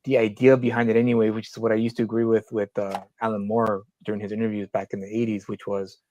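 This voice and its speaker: A man's voice: fairly low pitch, little pitch movement, quick pace, hardly any pauses, warm tone, no echo. Man, casual podcast chat, rambling, opinionated, dry close mic. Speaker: podcast co-host.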